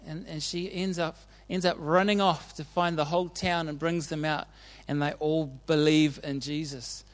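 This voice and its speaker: A man's voice: on the high side, level tone, moderate pace. A man preaching a casual sermon, retelling Bible stories in a chatty, informal way and often checking in with his listeners.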